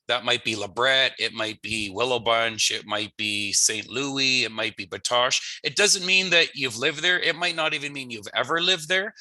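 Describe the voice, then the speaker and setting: Bright-voiced man teaching patiently. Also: a little high, dry recording, low-quality recording. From Canada. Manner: patient, repeats phrases slowly for learners; friendly, jokey asides. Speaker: language teacher. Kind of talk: online language lesson.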